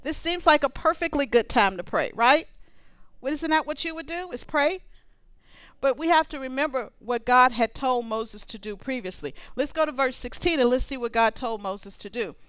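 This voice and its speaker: A woman preaching a sermon, conversational and animated, reading scripture aloud between comments. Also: sits high, moderate pace, smooth, dry recording.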